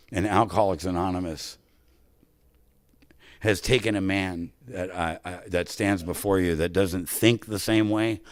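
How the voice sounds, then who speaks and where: A man giving an emotional, animated personal testimony as a speaker at a recovery convention, on a podium mic. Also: lowish voice, no echo. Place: convention hall stage.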